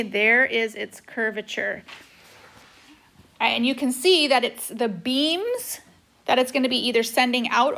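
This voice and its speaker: Her voice fairly high, pushed and bright, a woman talks through a math lesson on a whiteboard recording. The style is chatty and full of "okay"s, picked up by a tablet microphone.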